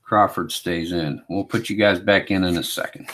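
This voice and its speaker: A man running a solo tabletop hockey game, calling each play like a sportscaster in a relaxed, self-mocking way. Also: deep voice, normal speed, a little hiss or hum. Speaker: board game player and host.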